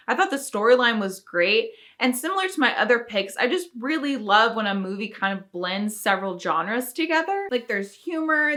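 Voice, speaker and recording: Young woman gushing about movies, laughs a lot, bright sharp voice. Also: on the high side. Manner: enthusiastic, gushing, laughs often. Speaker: film review YouTuber. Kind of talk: casual film review talk.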